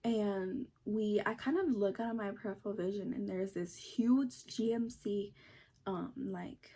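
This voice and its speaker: Husky, mellow-voiced woman telling a story. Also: medium pitch. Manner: animated, heavy swearing, acts out quotes. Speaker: vlogger. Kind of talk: casual storytime.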